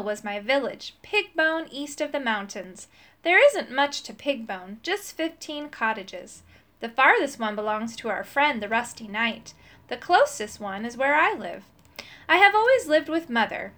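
Animated woman reading a storybook. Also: a little high. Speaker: audiobook narrator. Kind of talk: children's storybook narration.

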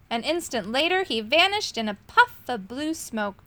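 A woman reading a children's storybook aloud with an expressive, animated delivery. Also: sits high, unhurried, dry recording. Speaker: storybook reader.

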